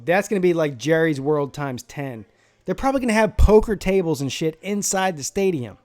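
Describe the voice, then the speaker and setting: A man's voice: a little high, animated, normal speed, darkish tone. A man from South Carolina hosting a live football draft stream, brash, profane and joking in casual commentary.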